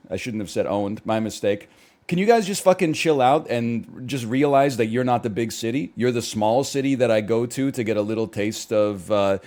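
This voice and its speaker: A Canadian man in his thirties, a streamer, rants in casual chat, tossing in sarcastic, mock-outraged asides. His voice is mid-range with a darkish tone.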